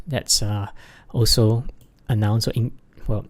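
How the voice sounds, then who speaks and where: A man teaching an English exam lesson over slides, halting often with fillers and restarts, and leaning hard on key words. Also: lowish voice, steady tone. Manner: stresses key words by raising his voice.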